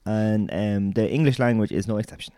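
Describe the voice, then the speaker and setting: A man's voice: on the low side, fairly quick, mellow, smooth, no room sound, clean studio sound. A man co-hosting a podcast in casual chat, reading facts aloud from his notes. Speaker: podcast co-host.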